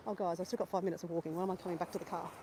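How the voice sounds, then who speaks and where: An Australian woman chatting casually to her live-stream viewers while walking outdoors, animated and swearing freely. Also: fairly low pitch, very fast, background noise. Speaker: vlogger. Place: outdoors near a lake and bridge.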